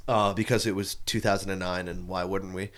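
A man's voice: deep voice, flat delivery, fairly quick, a bit bright. A man telling rowdy bar stories in casual chat, swearing freely and rambling. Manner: profane, rambling anecdotes.

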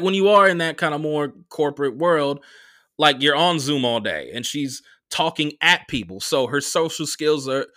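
A young man with a bright, forceful voice that sits a little high for a man. He tells a personal story casually on his podcast, cursing constantly and jumping into the voices of the people in it. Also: no room sound, clean studio sound. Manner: profane, animated, acts out quotes. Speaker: podcast host.

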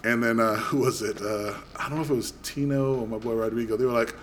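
A middle-aged man hosting a podcast, telling a story in casual chat, animated and profane, acting out both sides of a quarrel. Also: medium pitch, quick pace, a little hiss or hum. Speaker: podcast host.

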